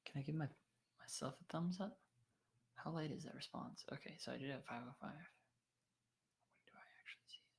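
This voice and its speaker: A young man hosting a worship livestream in casual chat, excitable and thinking aloud with plenty of fillers. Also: on the high side, normal speed, vocal fry, pauses often, whispered.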